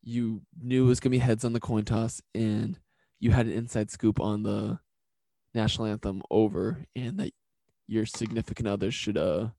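Male co-host, low gravelly voice, dry close sound, quick wisecracks. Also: level tone, mellow, dry recording. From Massachusetts. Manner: quick jokey asides, laughs a lot. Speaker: podcast co-host. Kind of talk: casual sports podcast banter.

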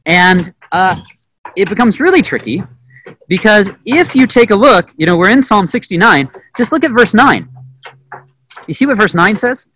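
A man teaching a Bible lesson through a personal story, animated and self-mocking with plenty of fillers. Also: sits high, moderate pace, slight background noise, poor audio. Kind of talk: storytelling sermon.

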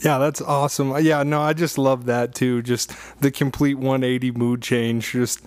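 A man's voice: medium pitch, flat delivery, moderate pace, a little hiss or hum. A man co-hosting a casual interview, chiming in with enthusiastic, rambling remarks.

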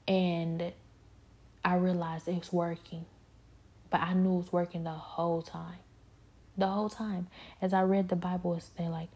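A woman's voice: on the low side, flat delivery, moderate pace, pauses often, dark tone, slightly rough. A woman giving an earnest, repetitive personal testimony, often dropping into a whisper. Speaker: speaker sharing a personal spiritual struggle.

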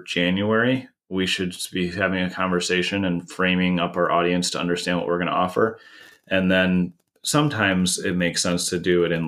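A man's voice: low-pitched, fairly bright tone. A man from the United States explaining a marketing idea in a conversational podcast, with many restarts. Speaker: marketing consultant.

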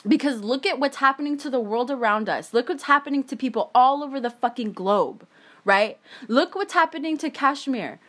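A woman's voice: high voice, lively intonation, moderate pace, a bit bright. A young woman in a heated, emphatic monologue, swearing often as she rants. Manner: angry, swearing, emphatic ranting.

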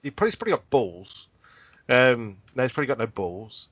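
Bright, animated podcast co-host. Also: male voice, mid-range voice, fast, a little hiss or hum. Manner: laughing, sweary, animated. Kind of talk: casual banter. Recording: dry, dull lo-fi podcast sound.

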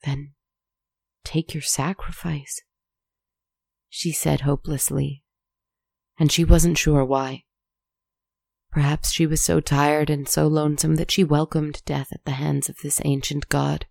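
A calm storybook narrator with a measured, soft delivery. The voice has a creaky, gravelly texture and stays fairly level in pitch. It is recorded close and dry. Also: no echo. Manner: calm, measured, softly spoken.

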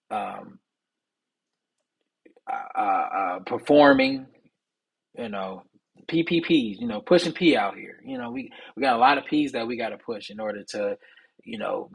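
A young man hosting a solo podcast, talking casually and preachily about men's mental health in streetwise slang, with a husky voice. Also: mid-range voice, low-quality recording. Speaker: podcast host.

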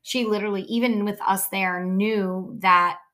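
A woman co-hosting a podcast in casual chat, laughing often, swearing freely and reacting quickly. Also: mid-range voice, steady tone, fairly bright tone. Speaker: podcast co-host.

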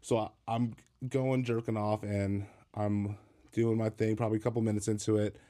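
A man's voice: fairly low pitch, little pitch movement, moderate pace, mellow. A man co-hosting a casual podcast, telling stories in a laid-back way, full of fillers and swearing. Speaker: podcast co-host. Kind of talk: casual chat.

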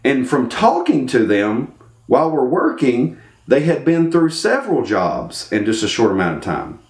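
Animated storytelling man, echoey room. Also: medium pitch, normal speed. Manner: animated, acts out the voices in his story. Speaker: storyteller giving life advice. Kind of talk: casual storytelling.

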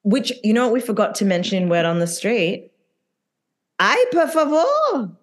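A podcast co-host with a medium-pitched, darkish voice talks a little fast while casually recapping reality TV. Her chat is full of fillers and laughter.

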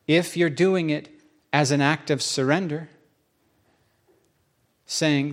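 Guy preaching in church, kinda high voice, chatty and emphatic. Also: unhurried, long pauses. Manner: conversational, with acted-out quotes and rising emphasis. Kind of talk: sermon.

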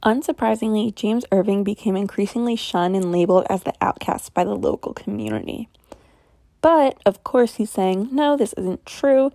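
A woman's voice: medium pitch, moderate pace, gravelly, warm tone, no echo, clean studio sound. Wry, skeptical woman storyteller. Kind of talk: casual true-mystery storytelling.

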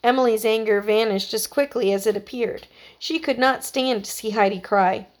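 A woman narrating a children's story with a steady, expressive reading. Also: fairly high pitch, normal speed.

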